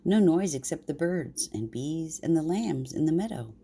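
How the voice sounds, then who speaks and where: An older woman voicing a gentle, homesick male country mouse in a bedtime story, speaking softly and earnestly. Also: deep voice, lively intonation, normal speed, husky, heavily acted. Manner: soft and earnest.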